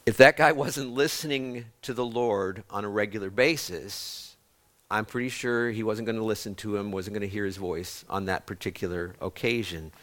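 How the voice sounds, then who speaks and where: A man's voice: on the low side, fairly even intonation, normal speed, fairly bright tone. A man, a pastor, preaching a sermon to a congregation. He tells stories, restarts words mid-phrase, and puts questions to the listeners.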